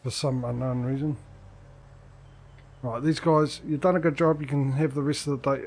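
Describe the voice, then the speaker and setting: A man's voice: medium pitch, flat delivery, moderate pace, darkish tone. A man streaming a farming game, chatting casually and joking with his in-game workers. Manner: chatty, talks to in-game workers, dry jokes. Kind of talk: casual gameplay commentary.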